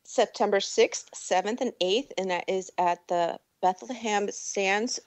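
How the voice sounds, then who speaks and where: A woman guest on a radio talk show, chatty and excitable, often laughing. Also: mid-range voice, measured pace, no room sound. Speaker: radio guest and event organizer. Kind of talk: casual radio chat.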